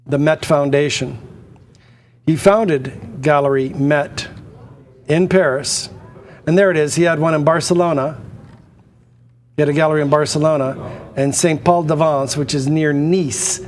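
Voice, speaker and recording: A man's voice: a little high, fairly even intonation, a little slow, pauses often. A man hosting a live TV art auction, rambling and chatty, drifting into anecdotes. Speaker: auction show host. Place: studio.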